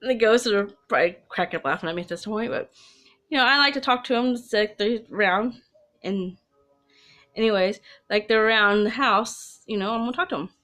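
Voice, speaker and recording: A woman's voice: medium pitch, brisk, bright, forceful tone, faint music behind. A woman telling her own ghost story to camera in a casual, chatty way, rambling with asides and restarts. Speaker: storyteller of personal ghost stories.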